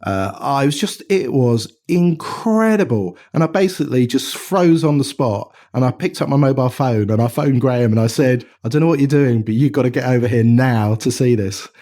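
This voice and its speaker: A middle-aged man from England, a watch company founder, telling an animated anecdote in a casual interview. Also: medium pitch, normal speed, hardly any pauses. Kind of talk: conversational storytelling.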